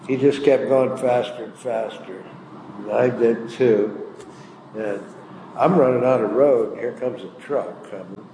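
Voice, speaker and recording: In a church hall, an older man preaches a sermon, spinning a story in a folksy, plain-spoken manner. His voice is warm and medium-pitched, and the recording carries echo and faint room noise.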